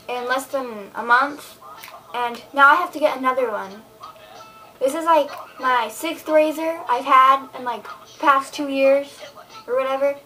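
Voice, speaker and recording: A high-pitched teenage girl rambles to her viewers in a casual video, chatty and exasperated. Her voice is bright and sharp, and faint music plays behind her. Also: rough recording. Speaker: vlogger. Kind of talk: casual chat to camera.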